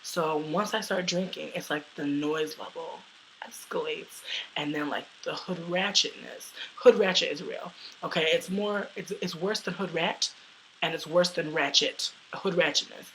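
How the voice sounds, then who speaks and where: A young American woman telling a personal story in a loud, brash, profane way, laughing often. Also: sits low, measured pace, a little hiss or hum, low-quality recording. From United States.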